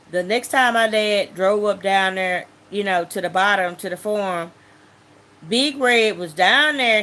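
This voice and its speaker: A woman telling a personal testimony in an animated way, acting out voices and sounds as she goes. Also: medium pitch. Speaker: testimony speaker.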